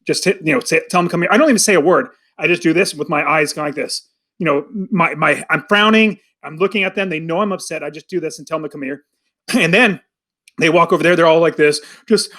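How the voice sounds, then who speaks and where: High-voiced animated male podcast host. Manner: animated, acts out quoted voices. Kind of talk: casual podcast chat.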